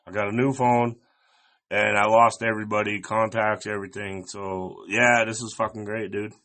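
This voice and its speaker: A man's voice: fairly low pitch, flat delivery, moderate pace, bright, forceful tone. A man who is a podcast guest, talking casually and crudely with lots of swearing. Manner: easygoing, crude, swears a lot. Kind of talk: casual chat.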